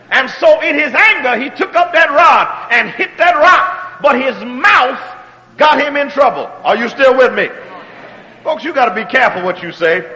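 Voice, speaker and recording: A man preaching a sermon, checking in with his congregation and moving between quiet, drawn-out phrases and shouted exhortations. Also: very high-pitched, long reverb tail, dull audio. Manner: call-and-response preaching, asks if the congregation is still with him.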